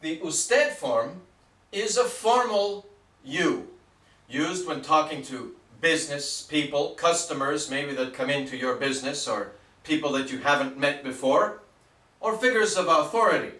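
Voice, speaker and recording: A man teaching a basic language lesson, patient and deliberate, spelling words out letter by letter. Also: a little high, animated, bright, forceful tone, reverberant, recorded from a distance. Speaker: Spanish teacher.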